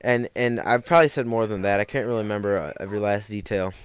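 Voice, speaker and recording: A young man with a somewhat low, smooth voice tells a rambling story while playing a game. He keeps stopping to correct himself and leans on fillers. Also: fast talker, no room sound. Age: young adult. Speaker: gaming commentator. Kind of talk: casual storytelling over gameplay.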